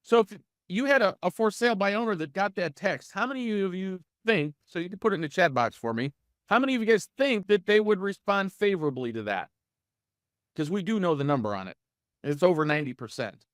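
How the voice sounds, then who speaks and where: A middle-aged man coaching real estate agents in a live online training session, energetic and full of rhetorical questions to his audience. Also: high-pitched, fairly quick, dry recording, clean studio sound.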